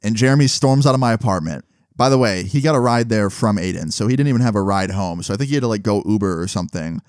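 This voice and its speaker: A young man casually telling a personal story to his viewers, animated and swearing often, with frequent rhetorical asides. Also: lowish voice, fast talker, smooth, dry recording, studio quality. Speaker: storytelling vlogger.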